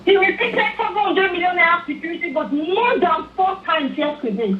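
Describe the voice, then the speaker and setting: A woman's voice: very high-pitched, lively intonation, a little fast, slight background noise. A Nigerian woman from Edo State calling in to a talk show, giving impassioned, angry political commentary and pleading again and again. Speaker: phone-in caller. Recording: echoey tinny phone line.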